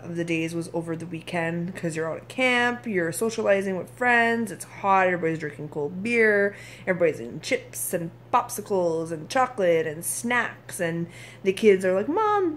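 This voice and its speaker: A tired, irritable woman in her thirties from Canada speaks frankly into the camera for her video diary, her voice sitting a little low. She talks plainly and now and then lets a swear word slip. A faint hiss of noise runs under her voice. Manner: candid, frank, occasionally swears. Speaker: vlogger.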